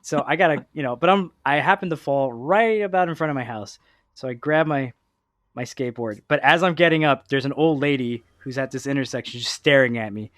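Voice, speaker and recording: A man hosting a gaming podcast, telling a story in a casual, animated way, laughing often and acting out voices. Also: medium pitch, a little fast, no room sound, studio quality. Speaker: podcast host.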